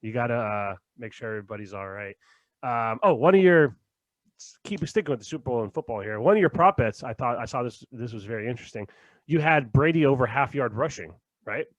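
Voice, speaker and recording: A man in easy podcast chat, swearing freely and breaking into laughter. His pitch sits mid-range, and the dry, close recording has no room sound around him. His sentences often fade to a quiet mumble. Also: animated, brisk, no echo, dull audio. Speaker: podcast co-host. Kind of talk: casual chat.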